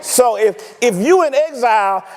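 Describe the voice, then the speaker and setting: High-voiced preacher in an echoing church. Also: male voice, a little slow. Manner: animated, teasing preaching with rhetorical questions. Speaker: pastor. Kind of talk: sermon. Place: church sanctuary.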